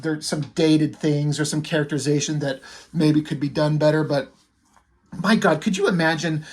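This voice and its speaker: Husky-voiced man in his forties reviewing comics. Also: a little high. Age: 40s. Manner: enthusiastic, profane, retells plots in quotes. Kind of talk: casual review monologue.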